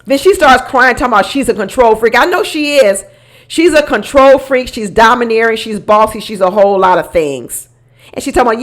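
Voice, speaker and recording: A woman's voice: fairly high pitch, a little fast. A woman giving sassy, casual commentary on a reality show, talking back to the people on it. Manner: sassy, animated, talks back to people on screen.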